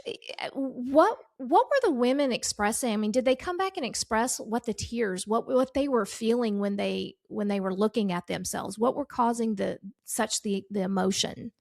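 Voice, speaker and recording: A woman hosts a podcast conversation, her voice sitting somewhat high. She asks curious questions and keeps her guest going with steady, encouraging affirmations. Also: normal speed, vocal fry, hardly any pauses. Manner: warm, encouraging interviewer with frequent affirmations. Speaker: podcast host. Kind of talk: casual conversational interview.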